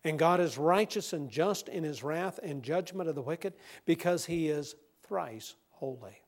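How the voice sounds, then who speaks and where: A man preaching a sermon, who moves from a hushed scripture reading to loud, emphatic preaching and repeats words when worked up. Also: a little high, expressive, unhurried.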